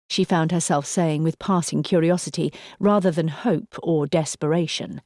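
A woman narrates a novel in a steady storytelling voice. Her tone is low and mellow, and the close, dry recording has no room sound. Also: normal speed, few pauses, no echo. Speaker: audiobook narrator. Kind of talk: scripted narration.

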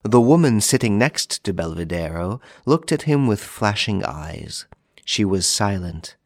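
A man reading a classic novel aloud in a measured, formal narration. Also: lowish voice, very animated, no echo, clean studio sound. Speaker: audiobook narrator. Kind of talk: scripted narration.

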